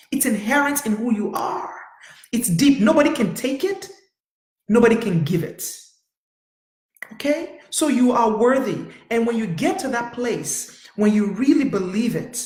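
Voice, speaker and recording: A woman's voice: on the high side, a little mellow. Emphatic woman therapist in an echoey room. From United States. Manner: emphatic, repetitive, directly addressing viewers. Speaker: therapist and weekly live-stream host. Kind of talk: live-streamed motivational talk.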